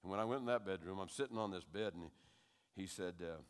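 An older man with a fairly low voice preaches to a congregation, recounting his story like a conversation. His delivery swells into loud, animated stretches. A long hall reverb trails his words. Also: quick pace, smooth. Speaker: preacher giving testimony. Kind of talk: sermon storytelling.

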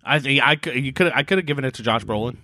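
A man's voice: mid-range voice, racing, sharp tone, no room sound, clean studio sound. A man co-hosting a casual podcast, chatty and opinionated, with frequent fillers. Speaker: podcast co-host. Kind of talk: casual chat.

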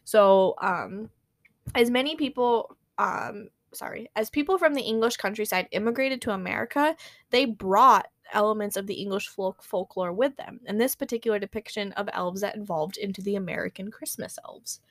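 A woman's voice: mid-range voice, moderate pace, fairly bright tone, no echo. A woman chatting casually as a podcast co-host, filling her talk with "like" and "um" and laughing often. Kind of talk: casual chat.

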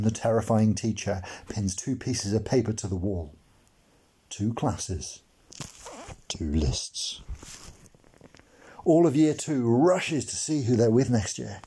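A man's voice: lowish voice, expressive, takes it slowly, long pauses, dark tone, slightly rough. A man reading his own humorous memoir aloud for a blogcast, in a wry, mock-dramatic storytelling manner with comic asides. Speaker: blogcast narrator.

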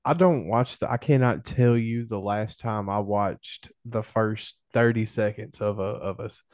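A man's voice: fairly low pitch, steady tone, unhurried, darkish tone, no room sound, clean studio sound. A man in casual podcast chat, wry and dismissive.

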